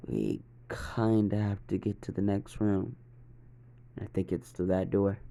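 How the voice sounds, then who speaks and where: A man voicing a cold, ruthless young boy held captive, speaking in a flat, calm way. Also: deep voice, unhurried, creaky.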